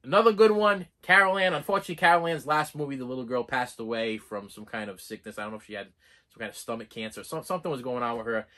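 A man giving casual movie reviews in an excitable, rambling way, full of restarts and fillers. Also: medium pitch, fast talker.

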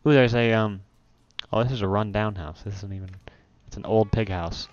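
A man hosting a let's play, chatting casually while gaming and breaking into loud startled exclamations. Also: fairly low pitch, steady tone, normal speed, dry recording, dull audio.

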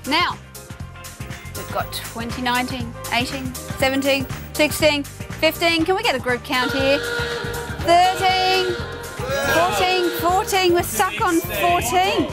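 An Australian woman hosting a live call-in television quiz, chatty and playful and quick to laugh. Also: sits high, loud music behind the voice. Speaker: quiz show host. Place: television studio.

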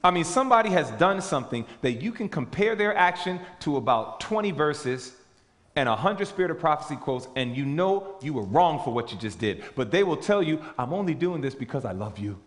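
A man preaching a sermon, emphatic and animated, questioning his audience as he goes. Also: a little high, a little fast. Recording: reverberant hall.

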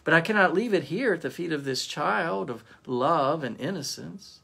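Bitter learned old wise man, high-pitched outcries, as a male pastor reads him. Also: expressive, moderate pace, vocal fry, fairly bright tone, breathy edge, heavily acted. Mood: sorrowful.

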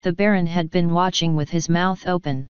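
A woman narrating an audiobook in a steady, even storytelling manner. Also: lowish voice, normal speed, smooth, no echo, lo-fi sound.

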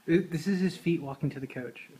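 A man's voice: fairly high pitch, normal speed, dark tone. A man bantering casually behind the camera, joking crudely and laughing.

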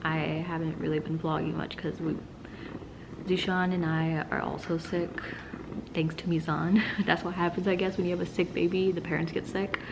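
A woman's voice: fairly low pitch, moderate pace, creaky. A congested woman chatting casually to her vlog camera at home, laughing now and then as she talks. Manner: chatty, laughs between lines. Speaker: vlogger. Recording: steady noise from a steamer.

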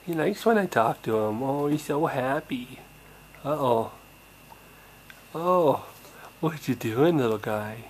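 A man's voice: mid-range voice, lively intonation, slow pace, pauses often, slight background noise, low-quality recording. A young man, a parent, narrating a home video in cooing baby talk with little gasps.

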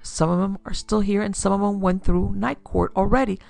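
Sarcastic old-school desk sergeant read by a woman, gravelly, dry drawl. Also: mid-range voice, fairly even intonation, brisk, a little mellow, no echo, voice pushed up. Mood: sardonic. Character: gruff, sardonic middle-aged male police sergeant.

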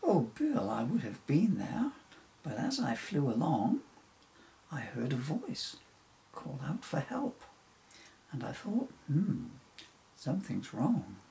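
A man's voice: mid-range voice, wildly swooping pitch, slow pace, creaky, long pauses, mellow, a little hiss or hum, full character voice. A man voicing a cheerful, helpful young girl in a children's story-poem, speaking eagerly.

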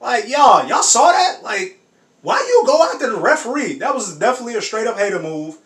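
Animated man reacting in an echoey room. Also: very high-pitched, fairly quick. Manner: animated, laughing often, slangy exclamations. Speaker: sports reaction video host. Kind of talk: casual reaction commentary. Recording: echoey room, mic at a distance, faint background hiss.

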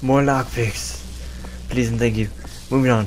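A man's voice: mid-range voice, steady tone, unhurried, pauses often, a little hiss or hum. A young man casually commenting on a video game he is playing, rambling, profane and sarcastic. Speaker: gameplay commentator. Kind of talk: casual let's play commentary.

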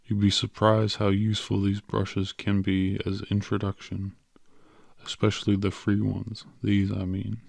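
A man reading an audiobook, voicing a patient, cheerful little male stranger with quick, coaxing salesman patter. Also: fairly low pitch, completely flat delivery, vocal fry, a little mellow, no room sound.

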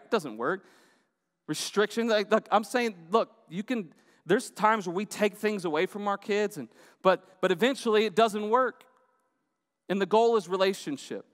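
A male pastor delivers a relaxed, conversational sermon in a fairly high voice. He keeps checking in with his listeners by asking "right?". The sound carries a long reverb tail, as in a large church sanctuary. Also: normal speed. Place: church auditorium.

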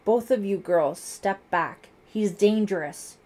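A woman reading an audiobook, voicing a stern middle-aged police lieutenant who shouts orders. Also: sits high, little pitch movement, moderate pace, close to an everyday voice. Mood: shouting orders. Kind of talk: audiobook character voice.

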